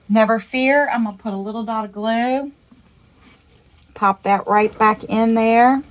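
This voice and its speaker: A woman's voice: medium pitch, a little hiss or hum, low-quality recording. Chatty woman teaching a craft. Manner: chatty, upbeat, calls things cute. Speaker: craft instructor. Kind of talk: step-by-step craft demonstration.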